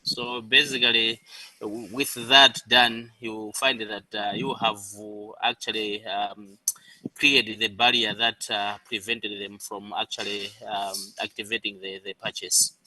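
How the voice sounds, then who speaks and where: A man answering a question in class, speaking haltingly with stammers and fillers. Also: fairly low pitch, little pitch movement, bright, forceful tone, recorded from a distance, rough recording. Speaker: student.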